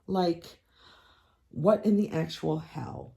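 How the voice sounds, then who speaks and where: A woman hosting a crafting channel, chatting casually to her viewers in a blunt, animated, profane rant with dramatic swoops up in pitch for emphasis. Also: measured pace, creaky. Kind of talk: casual chat vlog.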